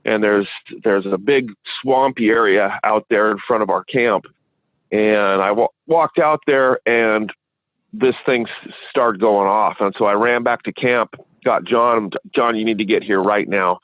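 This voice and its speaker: A man from Washington State, a guest in an interview, telling a long rambling story with halting restarts. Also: on the low side, no room sound. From Washington State, USA. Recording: dry, tinny phone line.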